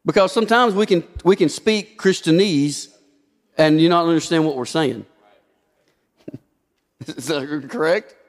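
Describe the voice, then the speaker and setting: Preacher man, high voice, lots of rhetorical questions, big echoey church. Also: measured pace, pauses often. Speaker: pastor. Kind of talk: sermon. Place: church sanctuary. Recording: long hall reverb.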